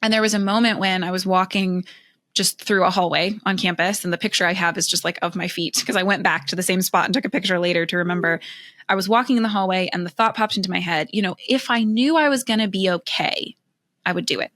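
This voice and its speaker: A woman's voice: lowish voice, fast, fairly bright tone, no echo, clean studio sound. A young adult woman being interviewed as a podcast guest, telling reflective stories and often laughing as she talks. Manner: reflective storytelling with frequent laughs. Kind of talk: conversational interview answers.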